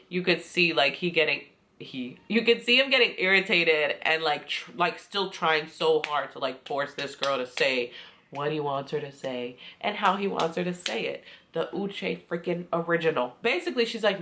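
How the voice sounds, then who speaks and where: A young woman talks through a reality show recap in a loose, chatty way, swearing freely and slipping into the voices of the people she quotes. Her voice sits a little low for a woman. She sounds like a vlogger talking straight to her viewers. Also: normal speed. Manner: chatty, profane, animated retelling with acted quotes.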